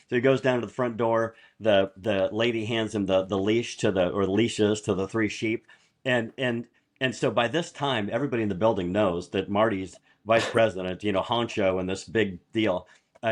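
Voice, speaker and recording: A man's voice: lowish voice, fairly even intonation, moderate pace. A man in casual podcast chat, telling rambling business anecdotes and chuckling as he goes. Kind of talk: casual storytelling.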